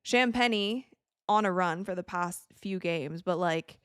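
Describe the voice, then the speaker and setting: A woman's voice: fairly low pitch, a little slow, a bit bright, clean tone, no echo, clean studio sound. A young woman hosting a live watch stream, chatting casually and reacting to the plays as they happen. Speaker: livestream host.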